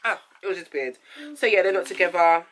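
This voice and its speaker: A woman's voice: lowish voice, a little fast, fairly bright tone. A woman hosting a casual reality TV review, chatty and rambling, correcting herself as she goes. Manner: chatty, rambling, self-correcting, says "it is what it is". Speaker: host reviewing a reality TV episode. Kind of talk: casual chat. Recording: faint background noise.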